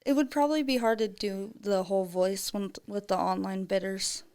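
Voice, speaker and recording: A woman's voice: medium pitch, fairly even intonation, normal speed, darkish tone, clean tone. A woman podcast co-host with a mid-range voice, tossing in blunt, cursing remarks during casual chat. She reacts to her co-host's story with short, easy lines.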